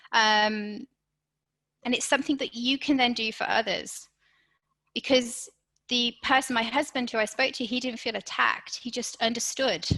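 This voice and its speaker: A woman's voice: on the high side, sharp tone, rough recording. A woman presenting a live online workshop, encouraging and speaking straight to her audience, often checking in with "okay?". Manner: encouraging, addresses audience directly with frequent "okay?". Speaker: webinar presenter.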